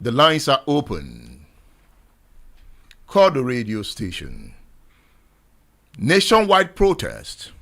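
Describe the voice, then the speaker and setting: A Nigerian man hosting a radio talk show, exhorting his listeners in a repetitive, impassioned monologue that rises to shouts. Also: mid-range voice, huge pitch swings, slow pace, creaky, long pauses. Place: radio studio.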